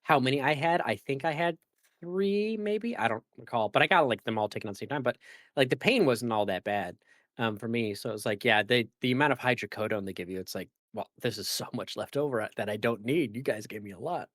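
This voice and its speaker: A man's voice: mid-range voice, animated, fairly quick, fairly bright tone, no room sound. A man hosts a casual gaming podcast in an ordinary mid-range voice. He rambles, fills gaps with "like" and "um" and corrects himself mid-sentence. The sound is dry and close. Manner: rambling, filler-heavy and self-correcting. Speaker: podcast host.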